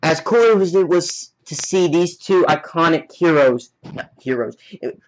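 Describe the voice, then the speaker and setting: Excited man retelling a movie. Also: on the high side, unhurried. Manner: excited play-by-play retelling with sound effects. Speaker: movie reviewer. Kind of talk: casual spoken movie review. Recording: dull lo-fi recording.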